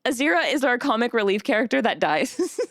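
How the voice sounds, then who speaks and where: A woman's voice: a little high, big pitch swings, normal speed, a bit bright, no room sound, clean studio sound. A woman streamer chatting casually with her live chat, bubbly, reading messages aloud and laughing often.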